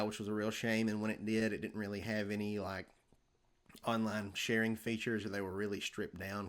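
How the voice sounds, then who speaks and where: A young man, talking casually on a podcast with lots of ums and restarts. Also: fairly low pitch. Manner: rambling, many fillers and restarts. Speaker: podcast host.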